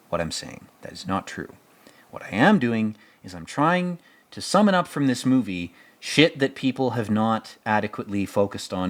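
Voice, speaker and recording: A man giving casual film commentary as host, rambling, jokey and profane. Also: lowish voice.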